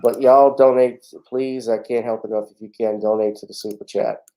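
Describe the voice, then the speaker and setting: A man's voice: medium pitch, fairly even intonation, normal speed, dark tone, rough recording. A man hosting a casual livestream talk show, chatting in a laid-back way with frequent fillers.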